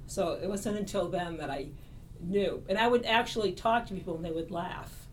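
A woman's voice: lowish voice, normal speed, slight background noise. A woman with a Boston accent, an interview guest who tells stories animatedly and acts out what others said. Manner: animated, laughing, acts out quoted voices. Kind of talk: conversational storytelling.

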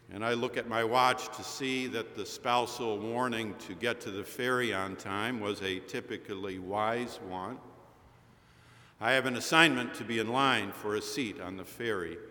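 Man preaching slow, bright voice, telling a story, long chapel echo. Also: fairly low pitch. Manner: slow, storytelling delivery with quoted dialogue. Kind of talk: sermon. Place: large chapel. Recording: chapel recording with long reverb.

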